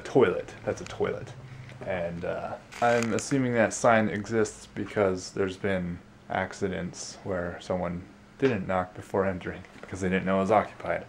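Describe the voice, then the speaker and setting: Very low-voiced man rambling through an office tour. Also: creaky, a little hiss or hum. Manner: rambling, self-correcting, tech enthusiast. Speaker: vlogger. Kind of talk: casual walkthrough vlog. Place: office workspace indoors.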